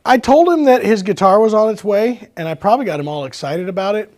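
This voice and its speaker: High-voiced man hosting a shop livestream. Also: animated, quick pace, a little mellow. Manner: jokey and self-teasing, laughs often. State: out of breath at first. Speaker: host. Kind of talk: casual livestream chat. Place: music shop.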